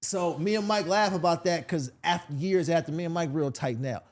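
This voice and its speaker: A man's voice: fairly high pitch, moderate pace. A male comedian from Sacramento telling a story in a casual podcast chat, acting out the voices of the people in it. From Sacramento, California. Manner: animated, acts out voices in his stories. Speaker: comedian guest.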